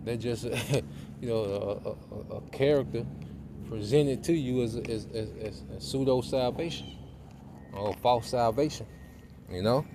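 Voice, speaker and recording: A man giving an informal sermon, reading scripture verses aloud more slowly and tagging his points with "okay?" and "man". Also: medium pitch, noisy background. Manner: punctuates with tag questions and "man". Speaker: preacher.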